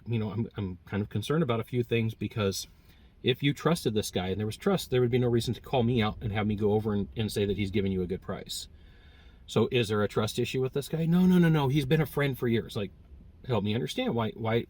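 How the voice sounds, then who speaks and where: A man giving a casual spoken sales lesson, telling stories and acting out customers' lines with lively swings in voice. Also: mid-range voice. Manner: animated storytelling, acting out customer quotes. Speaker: sales trainer.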